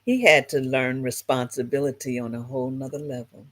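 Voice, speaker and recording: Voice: medium pitch, steady tone, fairly quick. A co-host in a casual Bible discussion who tells stories with humor and acts out the quotes. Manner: laughing, storytelling with acted-out quotes.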